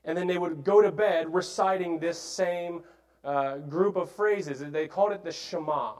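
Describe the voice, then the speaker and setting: A man preaching a sermon, explaining scripture earnestly with frequent pauses, fillers and restarts. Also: fairly high pitch, darkish tone, low-quality recording.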